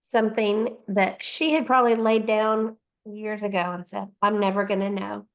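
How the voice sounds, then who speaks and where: A woman co-hosts a faith ministry podcast and speaks to listeners in an encouraging, affirming way. Her voice has a gravelly fry to it and sits in a middle pitch. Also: steady tone, moderate pace. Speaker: podcast co-host.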